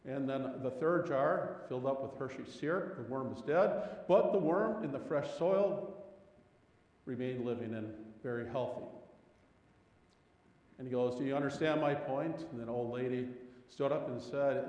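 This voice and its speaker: A man's voice: moderate pace, roomy sound, in a large hall, poor audio. A man preaching a sermon as a pastor, telling stories and pressing rhetorical questions with rising emphasis. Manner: animated storytelling, rising pitch on rhetorical questions.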